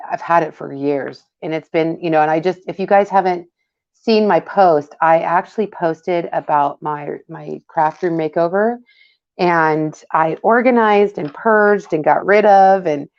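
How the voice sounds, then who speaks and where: Gravelly woman chatting through a craft demo. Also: lowish voice, a little mellow. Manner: chatty, greets viewers by name. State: hiccups. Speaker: craft demonstrator. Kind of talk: casual live craft tutorial. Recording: dull lo-fi livestream audio.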